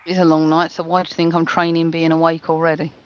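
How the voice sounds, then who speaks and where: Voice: mid-range voice, monotone, fast, smooth, dry recording, dull audio. A radio co-host giving short, dry replies in casual chat.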